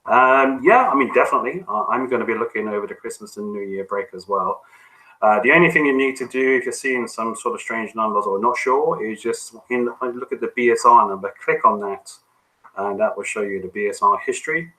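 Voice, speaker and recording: Lower, bright-voiced male coach. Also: a little fast, rough recording. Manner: relaxed, conversational, frequent ums and restarts. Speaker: business coach. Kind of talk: coaching call, answering questions.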